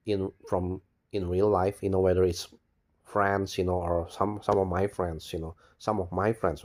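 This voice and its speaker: A man's voice: low voice, darkish tone. A man rambling through a cynical personal video monologue, repeating himself, swearing and saying "you know" constantly. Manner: bitter, cynical. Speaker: video blogger.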